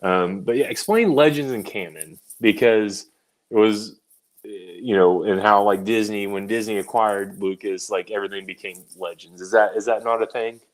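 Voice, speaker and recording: A man's voice: on the low side, normal speed. A man co-hosting a podcast, blunt and sarcastic in casual chat, with "like" scattered through his talk. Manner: blunt, sarcastic, says "like" a lot. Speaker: podcast co-host.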